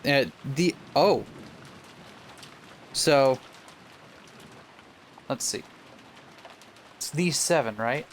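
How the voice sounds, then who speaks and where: A man's voice: mid-range voice, lively intonation, drawn-out words, pauses often, slight background noise. A man co-hosting a let's play of a visual novel. He reads the game's text aloud and chats casually, stumbling over words now and then. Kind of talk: casual playthrough chat, reading game text aloud.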